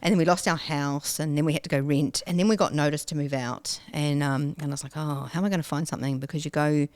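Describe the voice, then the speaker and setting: A woman, a guest telling her story in a casual interview, animated and acting out her own past self with sudden squeals and whispers. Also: low-pitched, quick pace, smooth, dry recording, clean studio sound.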